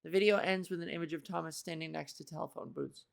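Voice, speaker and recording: A woman's voice: low voice, fairly even intonation, quick pace, creaky. A woman in a casual reaction commentary, chatty and self-mocking, swearing now and then while she reads aloud and reacts. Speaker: video creator.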